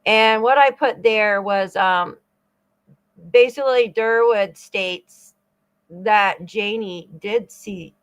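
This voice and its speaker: A woman's voice: medium pitch, slow pace, clean tone, low-quality recording. A woman hosting a true-crime channel, giving rambling casual commentary with frequent asides to her viewers. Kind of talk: casual commentary over clips.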